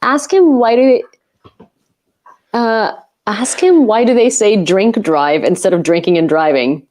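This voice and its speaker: A woman from Ukraine, Ukrainian her first language, chats on a live stream from her home. She talks at an unhurried pace, teases her guest and laughs often. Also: mid-range voice, expressive, darkish tone. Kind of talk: casual live-stream chat. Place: home, on a couch.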